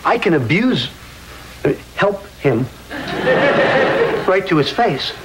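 A prissy, uptight young assistant. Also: male voice, high-pitched, big pitch swings, takes it slowly, very noisy, heavily acted. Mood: prim. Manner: prim and fussy. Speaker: sitcom character. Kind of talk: sitcom acting. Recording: sitcom clip with studio audience laughter.

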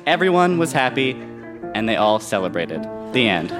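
A young man reading his childhood story aloud to an audience, dropping dry, deadpan asides. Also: fairly low pitch, normal speed, over music. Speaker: guest reader. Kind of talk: comic reading of childhood writing on stage. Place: live stage with an audience.

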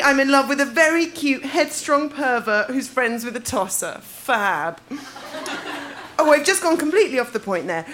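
A woman's voice: a little high, pushed and bright, a little hiss or hum. A woman, reading her teenage diary aloud on stage at a live show and often breaking into giggles. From England. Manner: giggly, breaking into laughter between lines. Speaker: diary reader.

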